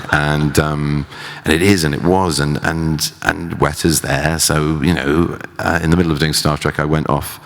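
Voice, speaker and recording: A man in his forties, an actor guest on stage, telling career stories in an animated way and acting out the voices of people he quotes. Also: very deep voice, moderate pace, in a large hall. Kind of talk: onstage career conversation.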